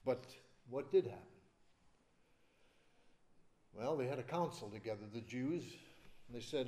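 Dramatic man preaching, lively and mellow. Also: medium pitch, fairly quick. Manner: dramatic, swings from loud to hushed; acts out quoted speech. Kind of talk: expository sermon.

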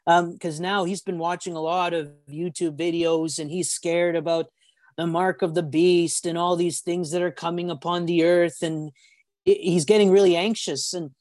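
A man preaching a sermon on a video call, telling stories with animated acted-out voices and often stumbling over repeated words. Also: a little high, normal speed, dry recording. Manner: animated storytelling, acts out voices.

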